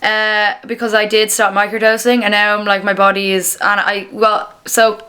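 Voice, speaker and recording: A woman's voice: medium pitch, flat delivery, moderate pace, bright, forceful tone. A woman in her twenties, vlogging at home in casual, rambling chat with a candid manner and free swearing.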